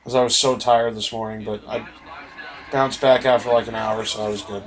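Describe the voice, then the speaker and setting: A man in casual chat, talking in a relaxed, hesitant way with lots of fillers. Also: lowish voice, a little fast, low-quality recording.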